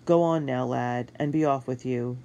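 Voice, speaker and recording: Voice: mid-range voice, steady tone, normal speed, gravelly, dark tone, lo-fi sound, close to an everyday voice. A reader doing a dour second soldier. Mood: curt.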